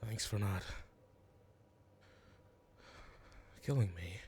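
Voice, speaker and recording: A man voicing a frail, wounded man who is grateful and wry, speaking softly and weakly. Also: lowish voice, fairly even intonation, slow, a little hiss or hum, pitched below the performer's own voice. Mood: weary.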